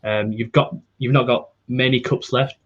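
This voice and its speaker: A man co-hosting a podcast, giving matter-of-fact football opinions in a measured way. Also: medium pitch, steady tone, slightly rough, highs cut off. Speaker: podcast co-host. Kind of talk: casual football chat.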